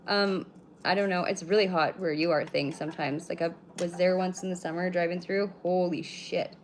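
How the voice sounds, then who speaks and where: Her voice is lowish with fairly even intonation and a normal pace, and a little hiss or hum sits in the audio. She's a woman in her thirties from British Columbia, Canada, livestreaming and answering viewers in a rambling, blunt, freely profane way.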